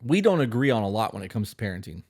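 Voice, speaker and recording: A man's voice: fairly low pitch, big pitch swings, rapid-fire, darkish tone, breathy edge. Blunt, profane man co-hosting. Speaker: podcast co-host. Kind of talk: casual advice chat.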